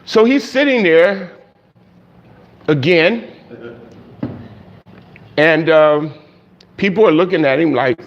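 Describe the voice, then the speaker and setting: A man preaching a sermon, telling a story and acting out the voices of its people, growing loud and high at its peaks. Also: animated, takes it slowly, creaky, pauses often. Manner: storytelling, acts out quoted voices, rising loud and high at climaxes. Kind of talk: sermon illustration. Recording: dull lo-fi sound.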